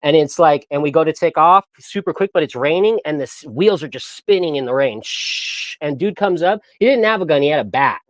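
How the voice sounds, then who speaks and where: A man's voice: on the high side, expressive, fast, few pauses, no echo. A young man telling stories in a casual, slangy way and laughing often. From San Diego area. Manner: laid-back slangy storyteller, laughs often, mimics voices. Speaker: guest. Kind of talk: casual storytelling.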